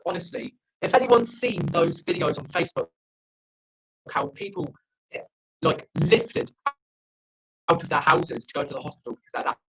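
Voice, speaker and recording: A man's voice: high-pitched, vocal fry, fairly bright tone, rough recording. Ranting sweary man from South Africa. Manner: profane, rambling, ranting. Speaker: stand-up comedian. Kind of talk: online open-mic stand-up. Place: friend's house, indoors. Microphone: video call.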